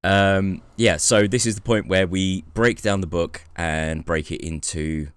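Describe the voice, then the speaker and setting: A man with a very low voice co-hosts a comedic book podcast and explains its scoring rules in a wry, jokey manner. The recording is dry and close. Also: steady tone, a little slow, clear, resonant tone, dry recording. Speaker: podcast co-host. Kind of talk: casual comedic chat.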